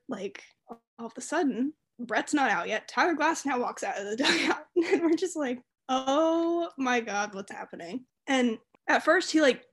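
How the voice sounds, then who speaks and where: Giggly woman telling a story. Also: fairly high pitch. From Southern United States. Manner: animated storyteller, laughs often, many fillers. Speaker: podcast co-host. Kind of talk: casual chat.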